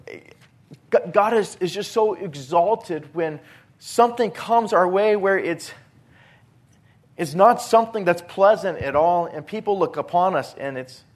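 A man preaching a sermon, earnest, swinging between forceful emphasis and hushed softness, often repeating words as he restarts phrases. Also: a little high, lively intonation, moderate pace. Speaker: pastor.

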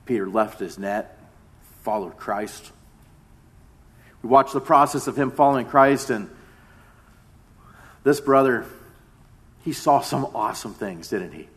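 A man's voice: medium pitch, a little slow, long pauses, a bit bright. A man in his thirties, a pastor giving a conversational sermon that often repeats its phrases.

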